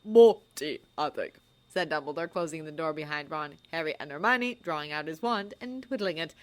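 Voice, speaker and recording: A woman narrating a fan-written story in an expressive, audiobook reading style. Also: sits low, fairly quick. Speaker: fanfiction reader.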